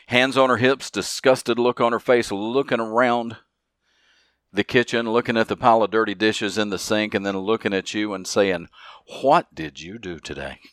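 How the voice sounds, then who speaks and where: A man's voice: lowish voice, little pitch movement, normal speed, fairly bright tone, clear, resonant tone, no echo, studio quality. A man hosting a solo motivational podcast, talking earnestly and leaning hard on repeated key phrases. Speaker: podcast host.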